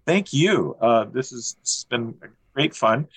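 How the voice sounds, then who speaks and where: A relaxed, thoughtful man speaks at a middling pitch, in a steady, unhurried cadence. The sound is close and dry, with no room around it. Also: husky, no echo. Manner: relaxed, thoughtful, reads his poem in a steady list-like cadence. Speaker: guest poet. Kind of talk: conversational interview with a poetry reading.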